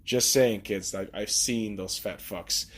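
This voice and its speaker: A man's voice: lowish voice, fairly even intonation, slow. A man hosting a podcast, talking in a blunt, profane, ranting monologue. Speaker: podcast host.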